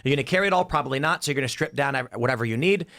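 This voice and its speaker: A man's voice: mid-range voice, very fast, a bit bright. A man hosting a casual panel debate, talking animatedly and acting out quoted voices as he lays out a scenario. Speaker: podcast host.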